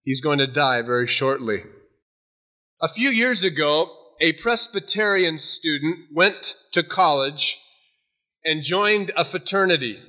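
A man preaching a sermon in a bright, forceful voice pitched a little high. He moves from a light story into earnest exhortation. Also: animated, measured pace. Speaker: pastor.

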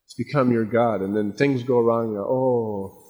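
A male pastor's mid-range, slightly mellow voice stays steady and fairly quick through a conversational expository sermon in a big-sounding room. He alternates plain explanation with emphatic warnings, acting out quotes as he goes.

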